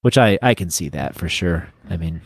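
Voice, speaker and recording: A man's voice: low-pitched, animated, normal speed, dry recording. A man co-hosting a casual book podcast, rambling and stopping to search for names as he talks. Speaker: podcast co-host. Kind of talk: casual chat.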